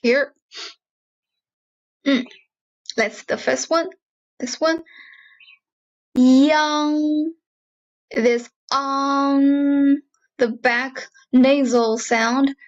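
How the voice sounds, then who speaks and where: A woman teaching Mandarin pronunciation with a Mandarin Chinese accent, saying each syllable slowly and repeating it for learners. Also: high voice, steady tone, dull audio. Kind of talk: slow pronunciation drill lesson.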